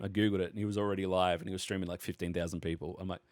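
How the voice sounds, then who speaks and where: A man's voice: deep voice, racing, no room sound, clean studio sound. Swearing Australian man telling stories. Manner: rambling anecdote, heavy swearing, animated retelling. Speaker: podcast co-host. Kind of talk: casual chat, storytelling.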